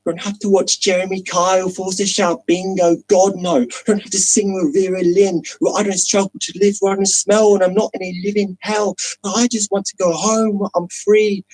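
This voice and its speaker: High-voiced man reciting spoken word. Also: little pitch movement, darkish tone, low-quality recording. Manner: slow, dramatic, with long pauses. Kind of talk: spoken word poetry performance. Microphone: video call.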